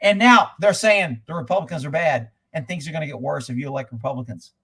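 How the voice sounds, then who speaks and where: A man hosting a livestream of angry political commentary, profane and mocking, bursting into shouts and laughing in disbelief at clips. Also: on the high side, fast, few pauses, breathy edge. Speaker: livestream host.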